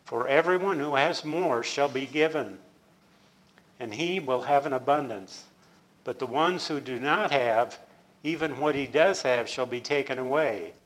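Stern master judging his servants, read plainly by a male teacher, slow and emphatic. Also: medium pitch, a bit bright, close to an everyday voice, low-quality recording. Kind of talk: scripture reading.

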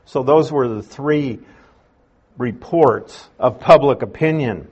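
A man leads a verse-by-verse Bible study at an unhurried, conversational pace, explaining and then restating his points. His voice is mid-range with a breathy edge, and the sound is lo-fi.

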